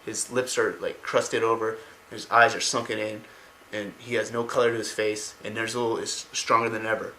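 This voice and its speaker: A man retelling a story in a casual way, excitedly rambling and swearing as he goes. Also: mid-range voice, slight background noise. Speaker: lore explainer. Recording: roomy home recording.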